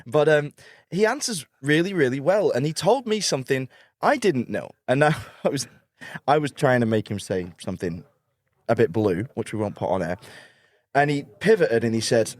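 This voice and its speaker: A man's voice: medium pitch, sing-song, normal speed, no room sound. A man hosting an interview in a studio, playful and self-mocking, laughing often as he talks. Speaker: host. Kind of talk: casual interview. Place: recording studio.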